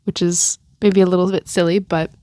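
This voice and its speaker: A woman's voice: on the low side, flat delivery, fairly quick, warm tone, no room sound, clean studio sound. Young woman rambling on a podcast, teary. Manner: chatty and rambling, laughs often, fillers like um and like. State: teary and emotional. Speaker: podcast host. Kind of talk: casual solo podcast rambling.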